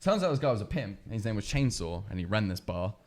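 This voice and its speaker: A man's voice: fairly low pitch, big pitch swings, fast. A man co-hosting a studio podcast from Canada, telling crude stories with lots of laughter. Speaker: podcast co-host. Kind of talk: casual podcast chat.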